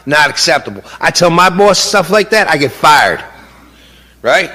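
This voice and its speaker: A middle-aged man, speaking as a bereaved father, is very animated yet unhurried, with a fairly high, bright, forceful voice. Indignant and impassioned, he repeats himself, fires rhetorical questions and often says "you know" in this emotional personal account, recorded with long hall reverb.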